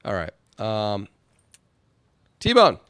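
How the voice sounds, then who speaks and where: An upbeat man hosts a casual singing contest over voice chat, cheering each player on. His voice sits at an ordinary pitch and sounds dry and close to the mic. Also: huge pitch swings, extremely slow, fairly bright tone, clean tone, no echo. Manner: upbeat and encouraging, lots of "all right". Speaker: host of an online singing contest. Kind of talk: casual game-stream hosting.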